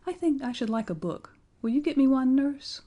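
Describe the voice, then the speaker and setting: A woman's voice: sits high, animated, normal speed, mellow, pitched above the performer's own voice. Woman doing an eager little boy king. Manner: polite, eager, childlike questions.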